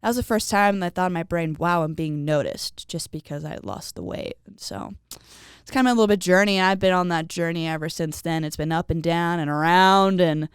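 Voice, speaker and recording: A young woman talking as a podcast guest, telling personal stories in a casual, animated way and acting out what people said. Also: lowish voice, fairly quick, clean tone, no room sound, clean studio sound. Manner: animated, acts out quoted voices, frequent "like". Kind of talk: casual conversational storytelling.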